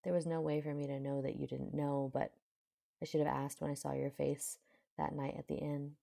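A woman's voice: sits low, little pitch movement, normal speed, mellow, full character voice. A woman reading a brash young barbarian prince. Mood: gruff. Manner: gruff, curt, swearing.

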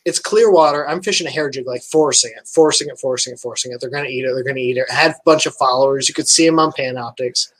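Husky laid-back fishing guest. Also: male voice, medium pitch, fast, hardly any pauses, fairly bright tone. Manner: laid-back, swears casually. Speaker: guest angler. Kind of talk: casual chat.

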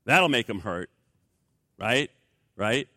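Animated preacher with a lively voice. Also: male voice, mid-range voice, takes it slowly, dry recording, studio quality. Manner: animated, acts out voices of flesh and Spirit. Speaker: pastor. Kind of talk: sermon.

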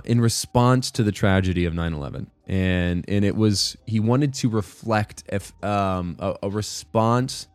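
This man's voice sits on the low side and sounds a little mellow, captured in a dry recording. He's a worship music commentator giving a casual devotional talk that rambles and corrects itself. He keeps checking in with listeners by asking "right?"

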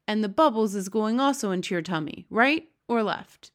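A woman's voice: mid-range voice, animated, normal speed, lightly acted. A woman voicing a big, kindly old male giant who talks in mangled, made-up words and broken grammar. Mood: jolly.

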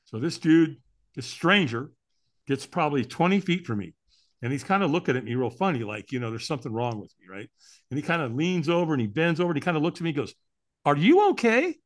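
A man being interviewed on a podcast, telling a personal story with emphatic, animated delivery and frequent rhetorical questions. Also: a little high, fast talker. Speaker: podcast guest.

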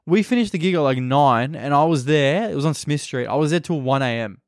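A man's voice: a little high, a little fast, no room sound, clean studio sound. A man with an Australian accent, a stand-up comedian rambling crudely through a casual solo podcast. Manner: crude, rambling, heavy swearing.

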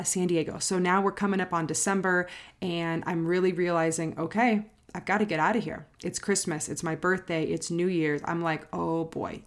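A woman life coach talking straight to camera in a personal vlog, earnest and reflective, repeating phrases for emphasis and sounding close to tears. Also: lowish voice. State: emotional, near tears.

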